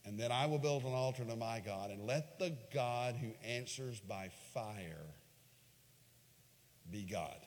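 A man preaching a sermon, retelling a scripture story dramatically, swinging from hushed lines to loud, raised ones. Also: medium pitch, a little slow. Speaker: pastor. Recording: long hall reverb.

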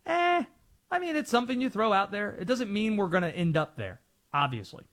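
A man's voice: sits high, very animated, brisk, fairly bright tone. A man hosting a sports talk show, arguing his opinions assertively and taking callers. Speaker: sports radio host.

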